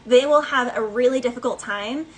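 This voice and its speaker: A woman's voice: on the high side, normal speed, rough recording. A woman giving a casual tarot reading in a chatty, playful way, laughing between thoughts. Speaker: tarot reader.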